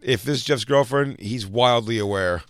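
A man's voice: mid-range voice, moderate pace, dry recording, clean studio sound. A man hosting a comedy talk show, telling stories in crude, brash banter and laughing often. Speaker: podcast host.

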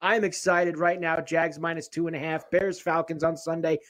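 A man's voice: on the high side, flat delivery, normal speed, fairly bright tone. A man hosting a sports betting show, steadily reading news and betting lines and moving the show along.

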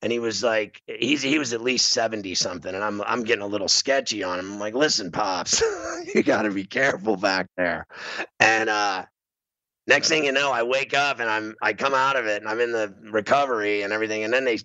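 A middle-aged man hosting a radio show, telling a comic story in an animated way. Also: fast talker, no room sound, lo-fi sound. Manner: animated storyteller, bursts into high screaming. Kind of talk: comedic storytelling.

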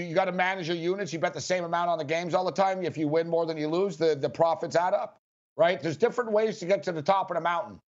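Rambling, laughing sports-talk host man. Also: sits high. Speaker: sports betting show host. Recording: dull lo-fi sound.

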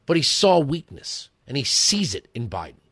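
A man's voice: medium pitch, sing-song, normal speed, a bit bright, husky. A man in his forties hosting a political talk radio show, giving an emphatic, rhetorical monologue that moves between lecturing and storytelling.

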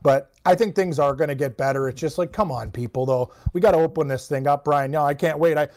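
Chatty man talking sports, slightly high voice. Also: quick pace, darkish tone. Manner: chatty, laughs often, does voices of his mom. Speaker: sports radio co-host. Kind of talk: casual sports talk.

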